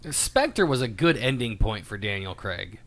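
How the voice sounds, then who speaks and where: A man's voice: lowish voice, big pitch swings, unhurried, fairly bright tone. An American man co-hosting a podcast, chatting casually and joking with a lot of laughter. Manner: jokey, laughs often. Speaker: podcast co-host and part owner. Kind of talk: casual chat.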